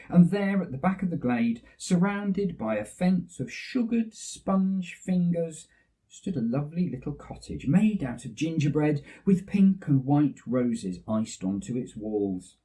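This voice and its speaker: An English man reading a children's story aloud, lively and expressive. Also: on the high side, distant mic.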